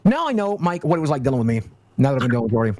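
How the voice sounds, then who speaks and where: Quick, rambling man sharing opinions. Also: mid-range voice, big pitch swings, a little mellow, slight background noise. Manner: rambling, many fillers, casual swearing. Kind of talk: opinionated stream chat.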